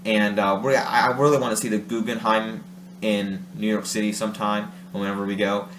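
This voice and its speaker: A man's voice: on the low side, level tone, a little fast, fairly bright tone. A man from Ohio chatting casually to his vlog audience, rambling, correcting himself and laughing often. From Ohio, USA. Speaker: vlogger. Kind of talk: casual monologue. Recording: roomy room with faint hum.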